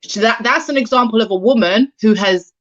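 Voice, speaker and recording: A woman's voice: on the high side, a little fast, dull audio. A woman speaking as a panelist and advocate, frank and emphatic, with street slang. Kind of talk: casual panel discussion.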